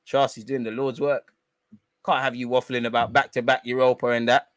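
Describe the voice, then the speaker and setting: A young man hosting a live football watch-along, talking in slangy banter that keeps jumping into excited outbursts as he teases the players. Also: medium pitch, fairly quick, no room sound.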